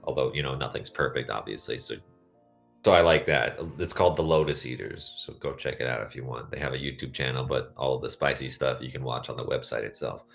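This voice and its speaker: Over soft background music, a male podcast co-host chats casually, drifting from one tangent to the next. His voice is a rumbling low with vocal fry, and he talks briskly.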